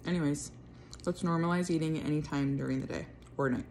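A woman's voice: sits low, steady tone, a little fast, a little mellow, a little hiss or hum. Tired woman talking late at night. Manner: chewing while talking. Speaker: vlogger. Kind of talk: late-night casual vlog.

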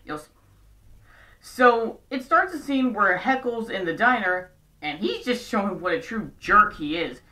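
Roomy, far-off recap vlogger, bright tone. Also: medium pitch, expressive, a little slow. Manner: chatty with sarcastic asides. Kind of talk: casual recap chat. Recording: roomy echo, distant from mic.

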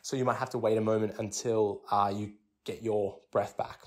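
A man's voice: lowish voice, normal speed. Young aussie guy chatting on a fitness podcast, easygoing, lots of restarts and fillers. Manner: relaxed and chatty, many fillers and restarts, acts out gym thoughts. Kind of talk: casual explanatory talk.

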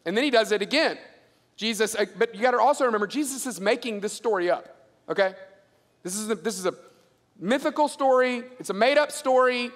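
High-voiced man preaching in a reverberant hall. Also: a little fast. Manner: animated storyteller acting out dialogue in a lowered voice. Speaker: pastor. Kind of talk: sermon. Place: large church auditorium.

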